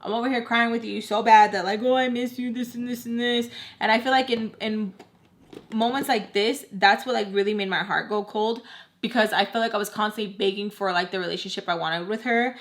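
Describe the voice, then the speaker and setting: A woman's voice: medium pitch, brisk. A young woman vlogger telling a personal story in a casual, candid way, swearing freely and saying "like" often. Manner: candid and blunt, swears freely, chatty with many "like"s. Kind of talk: casual storytime while doing makeup.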